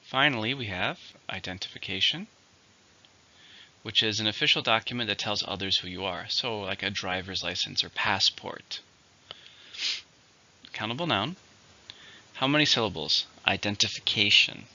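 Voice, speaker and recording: A man teaching English vocabulary, giving each word's syllables and stress before saying it clearly and using it in an example sentence. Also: lowish voice, animated, pushed and bright. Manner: slow, deliberate word drills with example sentences. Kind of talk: vocabulary lesson. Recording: slightly dull lo-fi recording.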